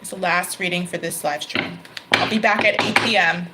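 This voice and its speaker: A woman's voice: fairly low pitch, fairly even intonation, moderate pace, very noisy. A woman hosting a live-stream tarot reading, talking casually to viewers by name and laughing often.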